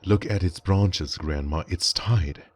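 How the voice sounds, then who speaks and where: A man's voice: deep voice, slow pace, slightly rough, no room sound, full character voice. A man voicing a young female servant who talks back to her mistress in a pleading, reproachful way.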